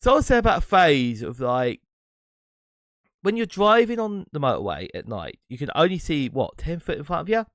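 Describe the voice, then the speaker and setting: A man hosts his own podcast solo, musing in a loose, rambling way and laughing between thoughts. His voice sits a little high and swoops up and down with lively pitch. The sound is dry and close, with no room around it. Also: normal speed, no room sound. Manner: rambling, reflective, breaks into laughs. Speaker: podcast host and streamer. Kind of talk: casual solo monologue.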